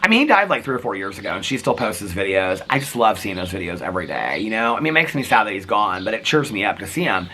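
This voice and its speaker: Brief: middle-aged male vlogger, chatty and rambling, bright voice with lively swings. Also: on the low side, fast, hardly any pauses, a little hiss or hum. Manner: chatty, rambling, laughs often. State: out of breath. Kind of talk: casual vlog chat.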